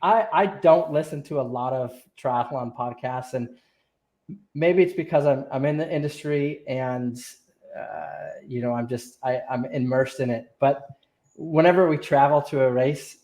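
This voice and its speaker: A man's voice: medium pitch, normal speed, darkish tone, reverberant. A man hosting a casual live interview, rambling and chatty with lots of fillers. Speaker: host.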